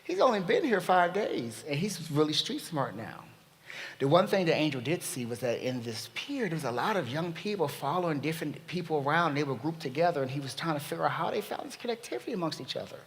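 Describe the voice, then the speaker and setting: A man speaking at a panel, telling a story in an animated way and acting out the dialogue. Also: on the high side, quick pace. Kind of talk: storytelling talk. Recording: long reverb of a hall.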